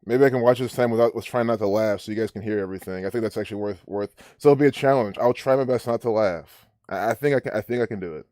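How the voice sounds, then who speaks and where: A man's voice: on the low side, fast, few pauses, a little mellow, no room sound, clean studio sound. A man hosting a live stream, ranting and rambling with many restarts as he comments. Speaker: livestream host.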